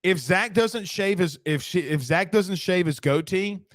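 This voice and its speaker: A man hosts a casual sports talk show in a slightly high voice. He talks in a quick, emphatic rush, reading out viewer comments and teasing his co-host. The sound is dry and close. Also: dry recording.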